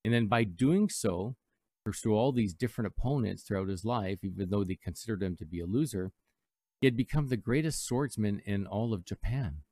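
Warm and fairly low-pitched, this man's voice moves at a moderate pace as he hosts a live studio radio show. He rambles casually through reflective tales, putting on playful mock voices along the way.

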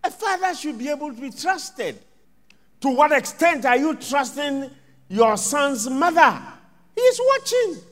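High-voiced preacher in a reverberant hall. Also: male voice, expressive, a little slow. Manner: dramatic swings between loud and hushed, acts out scenes. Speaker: pastor. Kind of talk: sermon. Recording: long reverb of a large hall.

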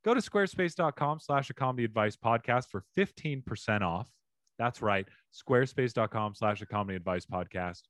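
A man's voice: on the low side, no echo. Guy hosting a comedy podcast, goofy ad-libs, bouncy voice all over the place, dry sound. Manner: playful, joking, ad-libbing. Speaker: podcast host. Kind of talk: casual comedic chat. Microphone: remote call.

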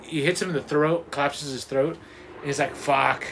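A man co-hosting a podcast, chatting casually and excitedly about a movie, swearing often and acting out the scenes. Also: fairly high pitch, a little fast, slight background noise. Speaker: podcast co-host.

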